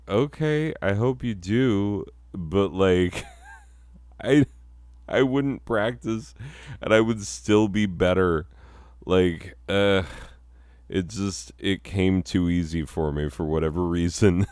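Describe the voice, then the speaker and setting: Slow, deep-voiced man in his forties. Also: a little mellow, smooth, dry recording, studio quality. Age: 40s. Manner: self-mocking, laughs often, many fillers. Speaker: channel host. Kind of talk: casual rambling monologue over slides.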